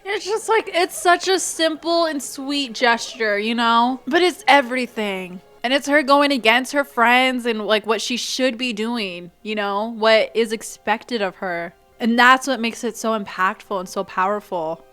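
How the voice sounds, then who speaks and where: A woman hosting a movie reaction, excitable and gushing, laughing often as she talks. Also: a little high, unhurried, hardly any pauses, faint music behind. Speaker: host.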